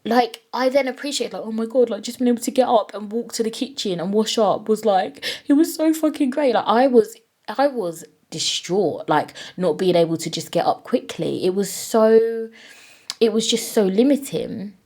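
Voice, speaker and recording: A woman hosts her own solo podcast, chatting casually and candidly with plenty of swearing and filler words. Her voice is medium-pitched and a little mellow, at a normal speed, recorded on her own podcast microphone.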